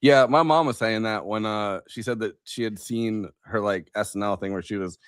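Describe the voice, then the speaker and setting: A man co-hosting a podcast, talking casually in a halting, hesitant way. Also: on the low side, clear, resonant tone, no echo, clean studio sound. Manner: halting, hesitant, self-deprecating. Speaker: podcast co-host. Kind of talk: casual chat.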